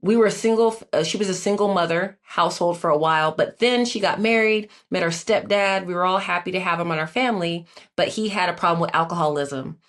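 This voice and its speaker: A woman's voice: fairly low pitch, fairly quick, hardly any pauses. A woman in her forties, a guest in an interview, telling her life story in an earnest, reflective way with many filler words. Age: 40s. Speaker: guest, Olympic athlete.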